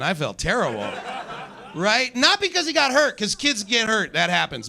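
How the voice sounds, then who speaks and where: A man's voice: fairly high pitch, vocal fry, bright, forceful tone. A young man doing a stand-up comedy set on a club stage, rambling and self-deprecating with lots of fillers.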